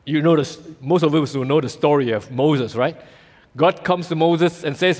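Animated male preacher in a reverberant hall. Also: on the high side, quick pace. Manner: animated storytelling, acting out voices; casual local fillers like "lah" and "ah". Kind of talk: sermon.

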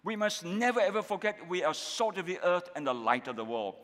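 In a church hall with long reverb, a male pastor speaking Malaysian English delivers a sermon, often turning to the congregation with repeated rhetorical questions. His high, slightly bright voice is expressive and fairly quick.

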